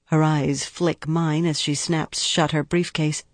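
A woman's voice: low voice, little pitch movement, normal speed, few pauses, no room sound. Tired, inward woman reading an audiobook in first person, dry close mic. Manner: weary, subdued, inward. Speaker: audiobook narrator.

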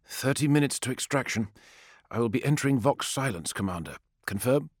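A man voicing a tense male gunship pilot who speaks softly in quick radio procedure. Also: medium pitch, expressive, no room sound, studio quality, pitched above the performer's own voice, lightly acted. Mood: hushed.

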